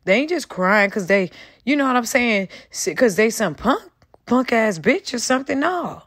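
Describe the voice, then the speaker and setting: A woman's voice: a little high, expressive, moderate pace, a bit bright, dry recording, clean studio sound. Fired-up woman ranting to her viewers. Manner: angry, profane, talks straight to viewers. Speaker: commentary channel host. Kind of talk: heated casual commentary.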